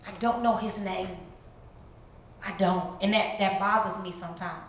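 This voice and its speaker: A middle-aged woman from the Chicago area tells her story to a church congregation with lively storytelling. She leaps up into high, loud voices to play the people in her story. The sound carries heavy echo from a large church hall, with a little noise underneath. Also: normal speed. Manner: animated storytelling, jumps into high voices to act out quotes. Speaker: guest speaker. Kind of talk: testimony sermon.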